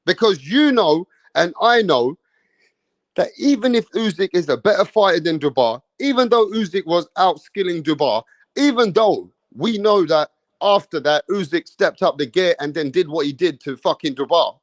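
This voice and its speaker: A man's voice: high voice, expressive, moderate pace, dry recording. A man giving an angry, mocking, profane rant about a boxing match, full of slang. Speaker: boxing commentator.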